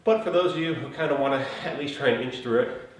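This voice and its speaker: A man coaching a workout in a relaxed, chatty way. He is out of breath and huffing between phrases as he explains the exercise modifications. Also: mid-range voice, fast talker. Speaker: fitness trainer. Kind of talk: casual workout instruction. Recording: very echoey room, mic at a distance, faint noise.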